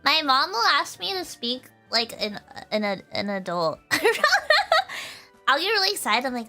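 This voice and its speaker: Bubbly high-voiced young woman streamer. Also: moderate pace, faint music behind. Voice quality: giggly, bubbly. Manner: animated, playful, often breaking into laughter. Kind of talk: casual chat reading viewer comments.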